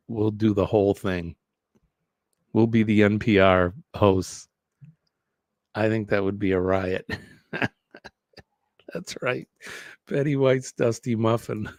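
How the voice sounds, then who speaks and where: A man's voice: lowish voice, gravelly, no echo, studio quality. A man from New Hampshire with a New England accent, hosting a live show in a jokey, chatty way and laughing often. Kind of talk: casual live-stream chat.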